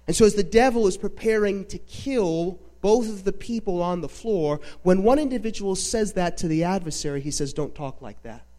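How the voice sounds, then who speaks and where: A man preaching a sermon, dramatically retelling a film with emphatic pauses. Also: sits high, mellow. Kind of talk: sermon storytelling.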